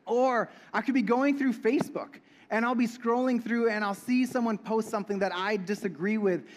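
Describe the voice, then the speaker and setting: Young male preacher, high voice, chatty and joking with the crowd. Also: moderate pace. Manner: playful, talks with the audience. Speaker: pastor. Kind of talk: sermon.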